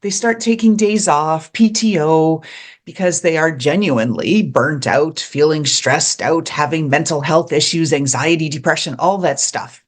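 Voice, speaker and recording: An animated host speaking directly to the audience in a mid-range voice. The delivery is expressive and conversational, with quick bits of acting when quoting others. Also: mid-range voice. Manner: animated, acts out quoted people. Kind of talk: advice talk to camera.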